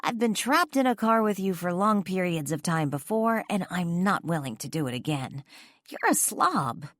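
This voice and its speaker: A woman voices a bubbly, teasing best friend with lively intonation at normal speed. Her voice is fairly low overall, yet it is pitched above her own natural speaking voice and still sounds natural, recorded with clean studio sound and no room echo.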